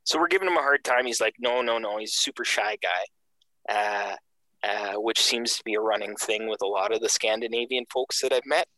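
A man from Canada tells a casual story in a bright, clear voice. He lively acts out the people he quotes. The sound is dry and close to the mic. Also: on the low side, a little fast, dry recording, low-quality recording.

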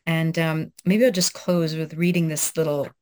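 A woman in her thirties, a guest talking reflectively in an interview with many pauses and restarts, then reading her own essay aloud. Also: low-pitched, level tone, darkish tone. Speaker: guest author.

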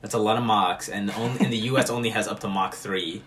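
A man's voice: on the low side, fast talker, a little hiss or hum. A man co-hosting a podcast, chatting casually and sarcastically about bad movies. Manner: sarcastic, animated storytelling. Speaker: podcast co-host. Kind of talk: casual movie review chat.

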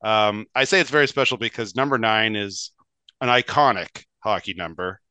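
Chatty low-voiced man, bright and crisp. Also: moderate pace, dry recording. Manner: chatty, rambling, laughs often. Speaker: podcast co-host. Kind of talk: casual hockey podcast chat.

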